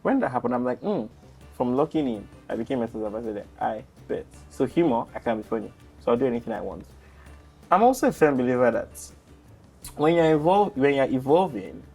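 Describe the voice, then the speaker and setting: A young man in his twenties with a Nigerian accent, a podcast guest telling stories in a chatty, animated way. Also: mid-range voice, brisk, soft background music. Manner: animated, chatty, laughs easily. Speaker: podcast guest, content creator. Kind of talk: casual storytelling interview.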